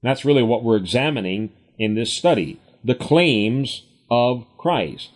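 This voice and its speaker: A man's voice: mid-range voice, lively intonation, a little slow. A man teaching a Bible study, reading scripture aloud and explaining it with emphatic commentary. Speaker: preacher.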